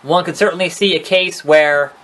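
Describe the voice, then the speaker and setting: A man's voice: a little high, steady tone, moderate pace, a bit bright. A young man casually commentating his wrestling video game playthrough, rambling, sarcastic and swearing at the characters. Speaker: gaming video host. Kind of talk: casual let's-play commentary.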